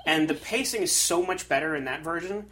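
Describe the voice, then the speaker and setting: A man's voice: on the high side, fairly quick, pushed and bright. Casual male podcast host, loose rambling delivery, home recording with faint fridge hum. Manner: chatty, trails off and restarts, laughs easily. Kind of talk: casual chat. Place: small home recording setup. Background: faint refrigerator hum.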